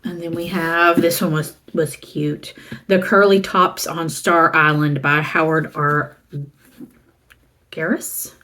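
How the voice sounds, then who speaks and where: Slow-talking middle-aged woman chatting. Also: low voice, fairly even intonation, sharp tone, a little hiss or hum. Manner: rambling and chatty, reading titles aloud with asides. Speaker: booktuber showing a used book haul. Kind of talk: casual chat.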